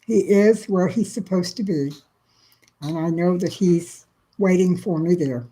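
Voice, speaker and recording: A middle-aged woman from Texas chatting on a livestream, answering viewers by name in a soft, emotional way. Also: on the low side, unhurried, low-quality recording. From South Central Texas. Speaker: livestream host. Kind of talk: casual livestream chat reading viewer comments.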